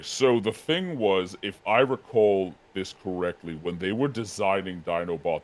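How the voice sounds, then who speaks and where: A man with a lowish voice chats casually as a guest. He's animated, laughs easily and often corrects himself.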